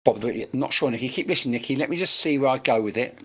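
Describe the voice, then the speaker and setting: A man's voice: medium pitch, fast, pushed and bright, slightly rough. A man, working as a medium in a live-streamed reading, talking in a chatty, rambling way with casual banter and swearing, recorded on a webcam mic.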